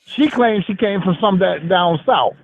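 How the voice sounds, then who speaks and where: A man's voice: high-pitched, unhurried, creaky. A man from Mississippi talking on the phone in casual chat, blunt and profane, full of street slang. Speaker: phone-in guest. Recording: tinny phone line, dry.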